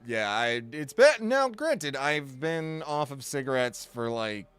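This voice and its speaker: A man's voice: mid-range voice, very animated, slow pace, fairly bright tone, smooth. A man chatting casually on a live game stream, rambling and correcting himself as he goes, joking and poking fun at himself. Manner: rambling and self-correcting, with frequent restarts; jokey, self-deprecating and exaggerating.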